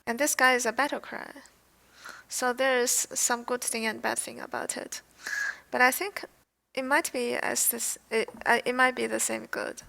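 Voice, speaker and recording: A young woman streamer who is not a native English speaker, chatting casually and haltingly while reading game card text aloud on a headset mic. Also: on the high side, steady tone, gravelly, pushed and bright. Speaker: game streamer reviewing cards. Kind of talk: casual live-stream chat.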